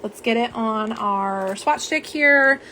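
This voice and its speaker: Chatty middle-aged woman host, fairly high voice. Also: slow, pushed and bright, a little hiss or hum. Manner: chatty, bubbly, talks to viewers as y'all. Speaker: nail polish livestream host. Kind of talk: casual livestream chat reading comments. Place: home setup for live streaming. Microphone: phone camera on a live stream.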